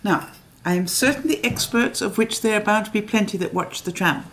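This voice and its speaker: A woman's voice: medium pitch, a little fast, fairly bright tone, slight background noise. A woman chatting casually in a home kitchen vlog, giggly and self-mocking. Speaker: home cooking vlogger.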